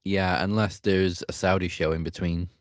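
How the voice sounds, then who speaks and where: Very deep-voiced podcast co-host man. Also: little pitch movement, normal speed, no room sound. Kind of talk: casual chat.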